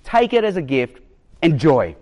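A generous village barber from a joke, told in a calm, steady voice that repeats the same kind offer each time, as a preacher puts him on. His tone sits lower and softer than the speaker's usual talk, with a lively rise and fall. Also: a little slow.

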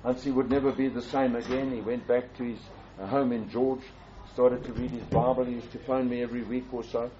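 An older man earnestly tells a personal story as a pastor, repeating and restarting phrases and rising in pitch for emphasis. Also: flat delivery, a little fast, mellow. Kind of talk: storytelling testimony. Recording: dull, slightly muffled with faint background hiss.

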